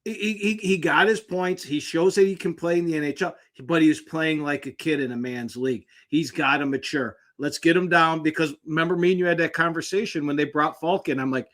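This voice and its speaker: A man co-hosts a sports talk show, talking bluntly and rapidly and letting the swearing fly. His voice sits a little high and sounds bright and forceful.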